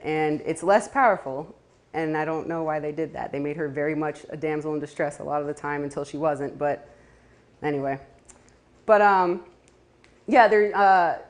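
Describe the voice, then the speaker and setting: A woman's voice: low voice, a little mellow. Chatty woman talking to a crowd. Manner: chatty, laughing asides, many fillers. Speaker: community speaker. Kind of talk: casual talk to a live audience.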